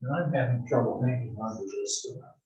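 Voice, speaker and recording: A man teaching an algebra class, explaining slowly and answering his own questions as he goes. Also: medium pitch, mellow, reverberant, recorded from a distance, highs cut off. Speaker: math instructor. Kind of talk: recorded classroom lecture.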